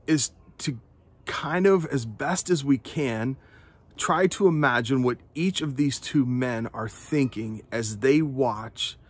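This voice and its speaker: A man speaking as a pastor in a slow, deliberate devotional talk. His voice sits at an ordinary middle pitch, and he is earnest and unhurried, often doubling a word before he goes on. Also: breathy edge.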